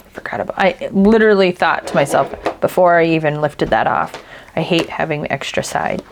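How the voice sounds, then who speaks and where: A woman's voice: fairly low pitch, background noise. A woman hosting a crafting video, chatting casually and thinking aloud as she works, with a tickle in her throat. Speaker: crafting channel host.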